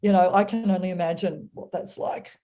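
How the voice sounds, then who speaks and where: Woman guest, warm mellow tone, earnest storyteller sharing a reflection on faith. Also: fairly low pitch, steady tone, fairly quick. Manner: earnest, storytelling, acts out voices. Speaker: guest speaker.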